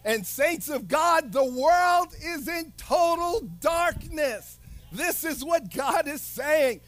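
Man preaching, dramatic, rises to shouts, slow and drawn out, lively pitch. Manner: impassioned, rising to shouts, dramatic. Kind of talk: sermon.

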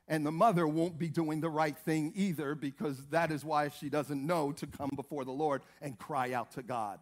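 A man's voice: sits high, fairly bright tone. A man preaching a sermon in an emphatic, repetitive way, calling out hallelujah.

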